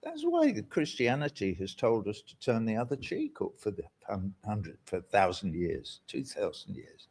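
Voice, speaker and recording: An outspoken older man, an interview guest talking about politics, sardonic and animated, with mocking asides and rambling tangents. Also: fairly low pitch, normal speed, hardly any pauses, breathy edge. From England.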